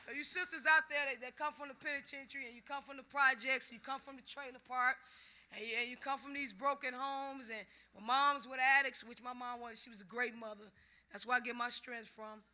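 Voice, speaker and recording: A middle-aged woman speaks to a conference crowd in a high, very bright voice. She tells her stories with lively energy, laughs often, and slips into the voices of people she quotes. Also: fairly quick. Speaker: ironworker giving a conference speech. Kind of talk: speech to a live audience. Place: conference hall.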